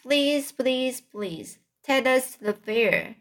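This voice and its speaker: A lady putting on squeaky pleading goslings, little kids begging to go, storybook read. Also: fairly even intonation, very slow. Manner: begging, repetitive.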